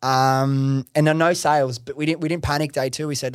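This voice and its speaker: A young man, a podcast host taking the guest seat, tells his business story in a lively, slangy way with frequent swearing and fillers. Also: a little high, a little fast, hardly any pauses, smooth, dry recording, studio quality. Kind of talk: casual interview storytelling.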